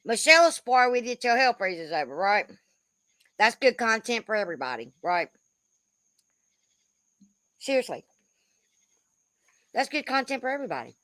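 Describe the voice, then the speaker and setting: A woman in her fifties rants in a loose, rambling way, swearing freely and tossing in "bro." Her voice is bright and forceful, sitting a little high for a woman, and the recording is close and dry. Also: sing-song, normal speed, long pauses, dry recording. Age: 50s. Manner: blunt, profane, rambling, says "bro" a lot. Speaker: commentary creator. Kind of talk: casual commentary rant.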